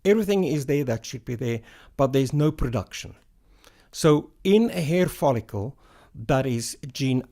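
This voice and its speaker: A middle-aged man with a gravelly, creaky edge to his voice speaks as a hair loss doctor in a podcast interview. He explains in a measured way, step by step, reaching for everyday comparisons. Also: medium pitch.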